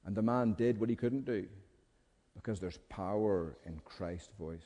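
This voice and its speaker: A man preaching a sermon with passion, moving from hushed pleading to loud, urgent calls. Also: lowish voice, normal speed. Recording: long hall reverb.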